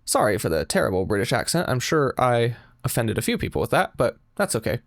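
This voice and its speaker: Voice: mid-range voice, big pitch swings, fairly quick, no room sound, clean studio sound. A young adult in their twenties reading online stories aloud and breaking off for sarcastic asides. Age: 20s. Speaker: storytelling channel host.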